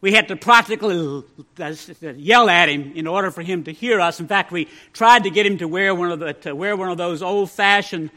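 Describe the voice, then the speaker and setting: High, bright-voiced pastor telling jokes. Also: male voice, brisk. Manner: folksy storyteller, drops to a hush for punchlines. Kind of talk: sermon with humorous stories.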